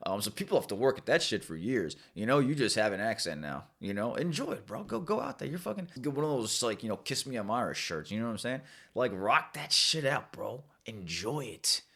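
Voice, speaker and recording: A man's voice: mid-range voice, very animated, fairly quick, few pauses, a bit bright. Laughing, rambling young male podcast host. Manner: rambling, laughing, stumbles over words. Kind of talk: casual comedic commentary on news.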